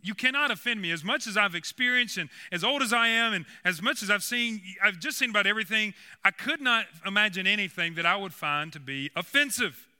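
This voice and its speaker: A man voicing an old, unflappable female nun who speaks in a gently reassuring way. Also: sits high, lively intonation, a little fast, hardly any pauses, smooth, long reverb tail, full character voice.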